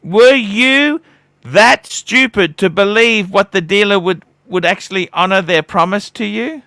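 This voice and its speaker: A man's voice: high-pitched, measured pace, pushed and bright, no room sound, clean studio sound. A man hosting a casual livestream chat, talking bluntly and swearing freely. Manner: blunt, swearing, mimics others in quotes. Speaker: livestream host.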